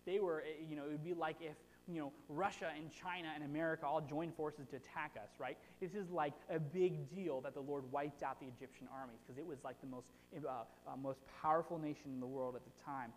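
Delivering a relaxed sermon, this preacher is animated and talkative, constantly checking in with the audience rhetorically. His mid-pitched voice moves a little fast with hardly any pauses, echoing in a long hall reverb.

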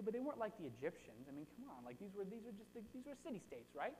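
A chatty preacher gives a casual, animated sermon full of rhetorical check-ins, speaking fast at a middle pitch with few pauses. A long hall reverb rings around his voice, and there's a little hiss or hum.

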